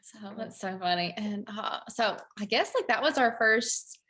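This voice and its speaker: A woman's voice: on the high side, expressive, measured pace, pushed and bright. A woman co-hosting a book club interview, chatty and enthusiastic, speaking in a casual way. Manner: chatty, enthusiastic, lots of "like" fillers. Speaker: book club podcast co-host.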